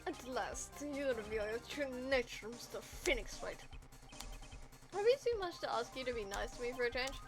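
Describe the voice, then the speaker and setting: A woman's voice: on the high side, lively intonation, moderate pace, over music. A woman voicing a haughty young female prosecutor with a put-on German accent, cold and scornful, while reading a video game script aloud.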